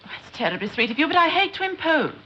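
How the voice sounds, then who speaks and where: A woman's voice: sits high, sing-song, fast talker, bright, forceful tone, full character voice. A woman playing an affected, gushing upper-class lady in a 1960s TV sitcom. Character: pushy upper-class woman, wheedling and vain. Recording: dull hissy 1960s TV recording.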